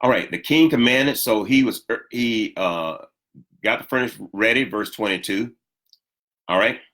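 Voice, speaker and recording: Bright-voiced preacher man, emphatic delivery. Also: unhurried. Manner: emphatic preaching with sudden jumps in pitch and repeated lines for the congregation. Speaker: pastor. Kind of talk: sermon.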